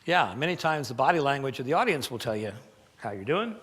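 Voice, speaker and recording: A man giving a presentation-skills seminar in a lively, emphatic, conversational way with playful asides. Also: mid-range voice, a little fast, noisy background. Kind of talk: live seminar talk. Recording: long hall reverb.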